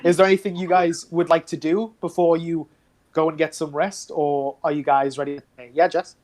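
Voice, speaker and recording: Brief: easygoing game master, casual rambling narration, average pitch. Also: level tone, brisk, darkish tone. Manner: casual, rambling, filler-heavy.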